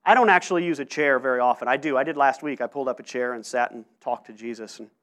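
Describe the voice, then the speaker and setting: A man preaching a sermon to his church, telling stories in an animated way with frequent restarts. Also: medium pitch, quick pace. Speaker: pastor.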